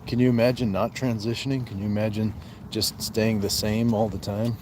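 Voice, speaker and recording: Guy walking at night talking to his phone, low voice, lots of outdoor noise. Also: a little fast. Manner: relaxed, reads viewer comments aloud and answers them. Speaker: livestream host. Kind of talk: casual live-stream chat while walking. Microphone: handheld phone.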